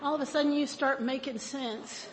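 A woman tells a personal story at a recovery meeting, animated and quick to laugh at herself. Her voice sits high. A long hall reverb trails each phrase over a faint background hum. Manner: animated, self-mocking, laughs often.

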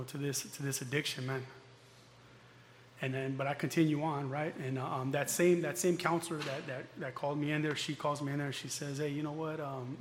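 A middle-aged man tells his own hard story in a candid, rambling way, swearing freely and circling back on his words. His voice sits a little high. The recording has a long reverb and a faint hiss behind it. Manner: candid, rambling, swears often, many restarts. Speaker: former prisoner telling his story. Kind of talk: personal storytelling.

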